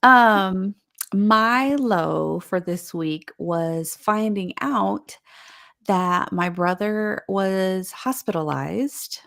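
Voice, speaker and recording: Slow-talking gravelly woman co-host. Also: mid-range voice, fairly bright tone. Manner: laid-back, laughs often. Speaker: podcast co-host. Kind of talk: casual chat.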